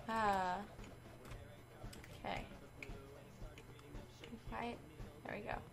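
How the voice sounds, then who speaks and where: A young woman giving excitable, giggly commentary while playing a video game. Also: a little high, takes it slowly, pauses often. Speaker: game streamer. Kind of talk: casual gameplay commentary. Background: faint game music.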